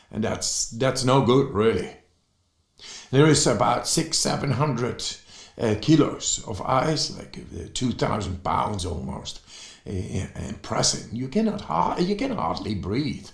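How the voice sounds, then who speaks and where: Guy, excited talk full of uhs and restarts, slow, roomy echo. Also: mid-range voice, vocal fry. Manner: excited, halting with fillers and restarts. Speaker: speaker on breathing and cold. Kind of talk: motivational talk. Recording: echoey room.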